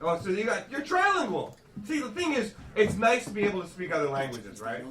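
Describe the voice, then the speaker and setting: A man's voice: sits high, sing-song, a little fast, a bit bright, distant mic. A man doing a stand-up comedy set, working the crowd with punchy, profane storytelling. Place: comedy club stage. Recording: roomy live club sound from off-mic.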